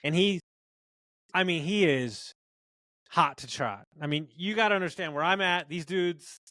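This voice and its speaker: Brief: upbeat business-owner guest, slightly high voice, spins animated stories, cusses freely, dry close sound. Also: male voice, measured pace, no echo. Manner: animated, swears, acts out dialogue in stories. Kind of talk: casual interview storytelling.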